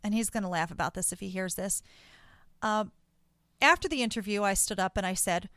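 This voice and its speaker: A woman hosting a podcast who talks in a gushing, excitable way in casual chat. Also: medium pitch, a little fast, no echo, studio quality. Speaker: podcast host.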